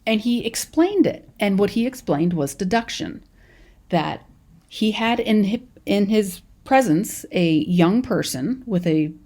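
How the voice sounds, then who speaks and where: A young woman from California, speaking with a Californian accent, gives a recorded college lecture as a professor. Her medium-pitched voice is expressive and mellow, moving at a measured pace as she tells stories in a chatty way and often restarts her sentences.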